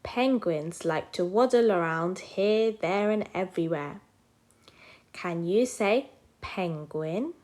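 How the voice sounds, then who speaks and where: A woman teaching a children's phonics lesson, sounding out letters and animal names slowly and clearly for young learners. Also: lowish voice, animated, darkish tone.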